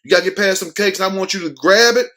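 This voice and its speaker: A man's voice: sits high, fast talker, bright, forceful tone, voice pushed up. A man imitating a demanding, leering large male airline passenger.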